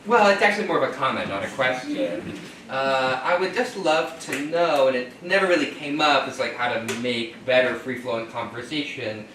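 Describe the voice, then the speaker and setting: A man's voice: medium pitch, lively intonation, moderate pace, bright, forceful tone, distant mic, slight background noise. A man doing improvised comedy as a contestant, telling a sheepish, self-deprecating story. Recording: echoey room picked up from afar.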